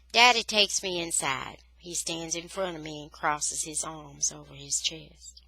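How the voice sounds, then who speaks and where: Expressive woman reading a novel aloud. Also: sits low, a little slow, creaky, breathy edge, no room sound, poor audio. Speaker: storyteller reading a children's novel. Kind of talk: expressive read-aloud narration.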